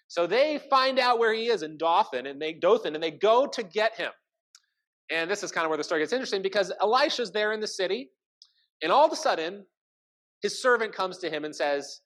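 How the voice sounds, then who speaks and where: Lively casual preacher, storyteller who acts out the characters, very expressive pitch. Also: a little fast, poor audio. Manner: animated, chatty, acts out the characters. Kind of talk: sermon, casual Bible storytelling.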